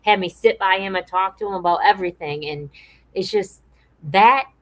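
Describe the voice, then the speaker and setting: A woman co-hosting a podcast, chatting in a relaxed way and reading viewer comments aloud. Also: medium pitch, moderate pace, low-quality recording. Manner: relaxed and conversational, with frequent restarts. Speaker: podcast co-host.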